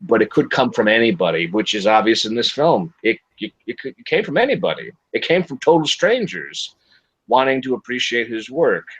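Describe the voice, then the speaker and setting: A man's voice: medium pitch, normal speed, husky, dry recording. Male host, casual, blunt and profane, dry muffled stream audio. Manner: blunt, profane, animated, acts out quotes. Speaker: podcast host reviewing a film. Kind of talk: casual livestream discussion. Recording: dry, dull lo-fi livestream audio.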